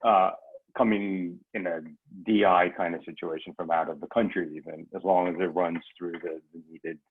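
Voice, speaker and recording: Guy from california rambling on a tinny phone call, raspy voice, restarts a lot. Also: sits low, steady tone, normal speed. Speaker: guest. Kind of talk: casual conversation.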